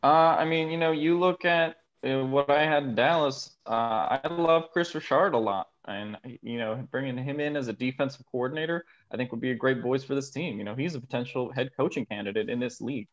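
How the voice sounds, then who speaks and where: A man's voice: medium pitch, a little fast, few pauses. Guy answering with lots of uhs, kinda muffled. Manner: hesitant, many fillers. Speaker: podcast guest.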